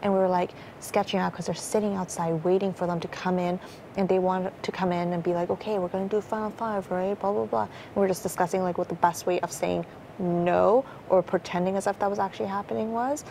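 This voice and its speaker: A woman's voice: on the low side, fairly even intonation, brisk, gravelly, warm tone, a little hiss or hum, low-quality recording. A young woman talking strategy in a casual, rambling way, full of fillers and swearing. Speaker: reality show contestant.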